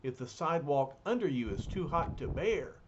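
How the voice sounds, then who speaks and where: A man's voice: a little high, big pitch swings, normal speed, muffled recording, slight background noise. A man voicing an arrogant older villain from a comic, speaking in a haughty, formal way.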